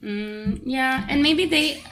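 A woman's voice: high-pitched, slow, a bit bright. A woman in her thirties, a single mother, talking candidly and emotionally about parenting in a casual podcast chat. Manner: candid, emotional, talks things out.

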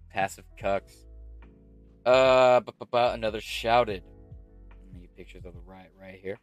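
A man's voice: lowish voice, a little slow, pauses often, no room sound, soft background music. A man hosting political commentary, reading an article aloud and ranting over it with heavy swearing and sarcasm.

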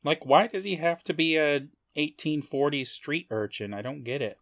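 A man's voice: a little high, animated, moderate pace, fairly bright tone. Wry podcast co-host man. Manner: wry complaints, laughs. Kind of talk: casual recap chat.

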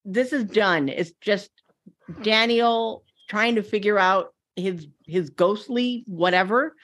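Woman co-host, mid pitch, speculative casual talk. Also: slow, a bit bright. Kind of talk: casual chat.

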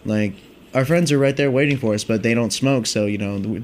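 A man's voice: mid-range voice, a little fast, a little hiss or hum. A man in his twenties telling a long casual story, rambling and swearing with many fillers. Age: 20s. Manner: rambling, profane, filler-heavy with constant "like" and "dude". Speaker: vlogger.

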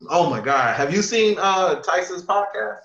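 Guy telling a story, lively, quoting people, swears a lot, echoey muffled room. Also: sits high, measured pace. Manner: animated storytelling, retells quotes with lots of profanity. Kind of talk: casual chat. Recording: echoey room, dull lo-fi sound.

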